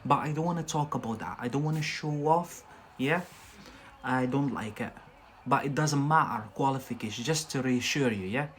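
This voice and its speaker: A man's voice: medium pitch, normal speed, a bit bright. Chatty man with a Scottish-tinged accent. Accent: Scottish-influenced English. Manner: chatty, reassuring, repeats "yeah?" often. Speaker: English teacher, live stream host. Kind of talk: casual live-stream English lesson.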